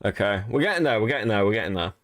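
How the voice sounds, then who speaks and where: A man's voice: fairly low pitch, lively intonation, rapid-fire, fairly bright tone. A man from Europe hosting a livestream, talking casually in a rambling, profane way while he thinks aloud. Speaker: streamer host.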